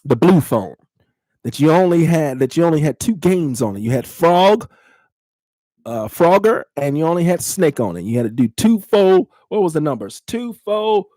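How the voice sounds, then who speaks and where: A man's voice: on the high side, sing-song, normal speed, warm tone, dry recording, clean studio sound. A man in his thirties hosting a casual podcast, talking bluntly to his live chat, teasing and laughing often. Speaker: podcast host.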